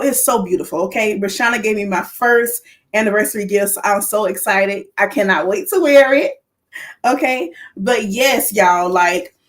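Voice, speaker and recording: A woman hosting her podcast livestream, talking straight to viewers, lively and excited. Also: medium pitch. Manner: lively, excited, calls to the audience. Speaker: podcast host.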